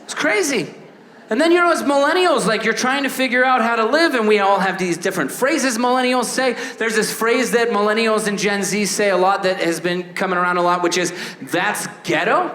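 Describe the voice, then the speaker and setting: Bright, animated man doing stand-up. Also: high-pitched, fairly quick, roomy sound, a little hiss or hum. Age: 30s. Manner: animated, acts out voices, shouts punchlines. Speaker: stand-up comedian. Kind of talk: stand-up comedy set. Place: stage before a laughing audience.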